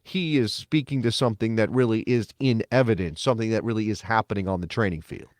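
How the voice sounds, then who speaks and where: A man co-hosting a casual sports podcast, talking in an animated, emphatic and sarcastic way. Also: lowish voice, fast talker, no room sound, clean studio sound. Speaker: podcast co-host.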